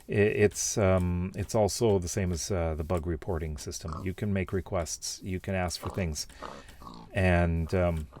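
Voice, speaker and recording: Low-voiced man rambling through viewer comments. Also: darkish tone, a little hiss or hum. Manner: rambling, with many fillers and restarts. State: has the hiccups. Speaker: YouTuber reading viewer comments. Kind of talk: casual commentary.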